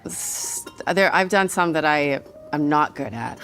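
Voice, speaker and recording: A woman chatting as a guest over tea, gushing and expressive. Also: low-pitched, a little slow, faint music behind. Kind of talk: casual chat.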